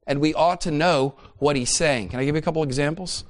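A man's voice: on the high side, fast, few pauses. A middle-aged man preaching a sermon, emphatic and repeating phrases for emphasis.

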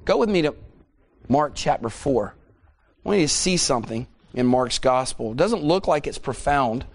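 A man in his forties preaching a sermon, telling stories in an animated way and repeating points for emphasis. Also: medium pitch, normal speed. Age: 40s. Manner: animated storytelling, emphatic repetition. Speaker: pastor.

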